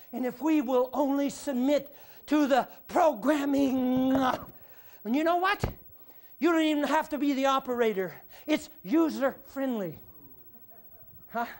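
A man preaching a sermon, animated, shouting out repeated phrases and prodding the congregation with "huh?". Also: extremely high pitch.

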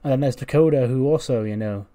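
A man's voice: mid-range voice, fast, warm tone, natural voice. A man doing a rambling veteran female wrestler. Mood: earnest. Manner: rambling, hesitant, lots of "you know". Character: veteran female wrestler lecturing a younger champion.

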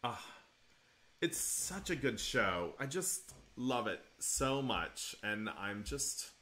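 A man's voice: medium pitch, big pitch swings, takes it slowly, bright, forceful tone. A middle-aged man giving an earnest, emotional commentary in a casual, rambling way. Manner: emotional, earnest and grateful, rambling with many fillers. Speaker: cast member giving film commentary.

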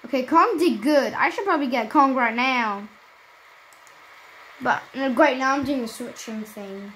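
Woman gamer host, high voice, excitable and chatty running commentary. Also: measured pace, slight background noise, low-quality recording. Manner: excitable, chatty, talks to viewers. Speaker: gaming channel host. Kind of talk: casual gameplay commentary.

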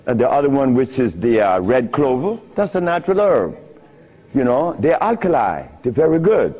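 A man's voice: medium pitch, warm tone, breathy edge. A man lecturing an audience, telling stories in an emphatic, teasing way, on a dull lo-fi recording. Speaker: speaker addressing an audience. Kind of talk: lecture with storytelling.

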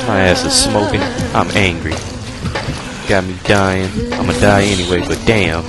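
A man's voice: deep voice, steady tone, normal speed. A man giving casual let's-play commentary, swearing, complaining and cheering himself on as he plays. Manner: profane, complaining, self-encouraging. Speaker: gaming commentator. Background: loud game music.

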